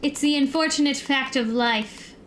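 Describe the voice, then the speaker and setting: A woman's voice: sits high, normal speed, a bit bright, a little hiss or hum. A young American woman streamer rambling in casual chat, laughing easily and filling her talk with "like". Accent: neutral American. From United States. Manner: rambling, chatty, laughs easily, filler-heavy.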